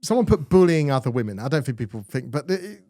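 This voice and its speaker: A man's voice: mid-range voice, very animated, quick pace, warm tone, dry recording, clean studio sound. A man co-hosting a casual chat, laid-back and reading out listener comments. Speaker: co-host.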